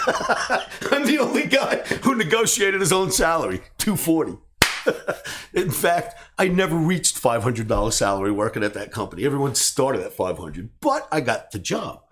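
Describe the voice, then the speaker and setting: A middle-aged man from the New York area telling a personal story, animated and acting out the dialogue. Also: mid-range voice, moderate pace, a little hiss or hum. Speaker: trading educator and host.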